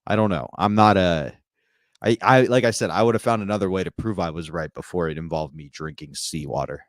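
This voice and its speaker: A comedian co-hosting a podcast in a very deep voice, rambling through a story with deadpan jokes. The sound is close and dry, with no room around it. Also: male voice, brisk, no echo. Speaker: stand-up comedian, podcast co-host. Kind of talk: casual comedy podcast banter.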